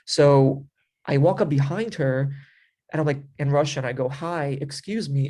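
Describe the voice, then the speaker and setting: A man's voice: medium pitch, a little mellow. A man telling a story in a casual chat. He rambles with many fillers and acts out his own past remarks. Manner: rambling, filler-heavy with frequent 'like' and 'you know'. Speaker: interview guest telling a story.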